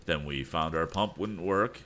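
A man's voice: sits low, measured pace, fairly bright tone. A man reading as a stiff, puzzled old-fashioned banker. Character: stiff middle-aged male banker, proud and puzzled.

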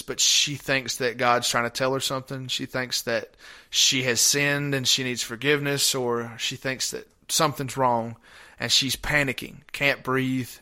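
A man's voice: medium pitch, pushed and bright, clean tone. A man in an interview, reflecting openly on anxiety and family in a tender, conversational way. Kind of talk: candid personal recollection.

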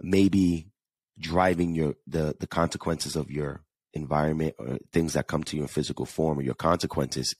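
Deep-voiced man with a New York accent. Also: gravelly, slightly rough, dry recording, studio quality. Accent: New York–New Jersey. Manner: earnest and chatty, with frequent restarts and repeated words. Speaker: podcast host. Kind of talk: casual solo podcast talk.

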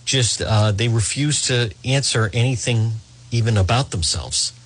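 A man with a slightly husky, breathy voice hosts a talk radio show. He comments emphatically on the news, stressing key words and speaking straight to his listeners as folks. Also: mid-range voice, measured pace.

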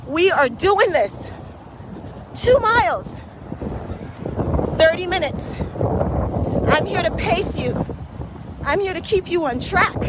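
Very high-voiced woman coaching a brisk walk. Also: very noisy. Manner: encouraging, repetitive coaching cues. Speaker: walking pace coach. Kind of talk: motivational workout vlog while walking. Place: outdoors in a park.

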